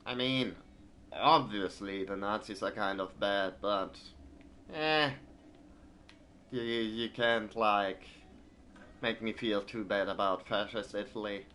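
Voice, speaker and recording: A man's voice: on the low side, takes it slowly, pauses often, bright, forceful tone, slight background noise. A man streaming a video game, reading in-game newspapers aloud and breaking off into hesitant, filler-laden asides. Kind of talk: let's play, reading game text aloud.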